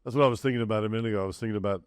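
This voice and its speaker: Rambling Southern-accented man, smooth voice. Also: fairly low pitch, rapid-fire, no echo, clean studio sound. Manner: rambling, many restarts, trails off quietly. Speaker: podcast host. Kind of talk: casual interview chat.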